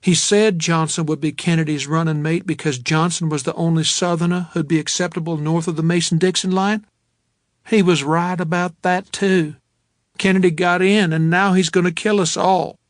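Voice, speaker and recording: A man reading a novel as an audiobook, steady storytelling that voices each character's dialogue. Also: on the high side, no echo, studio quality. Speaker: audiobook narrator.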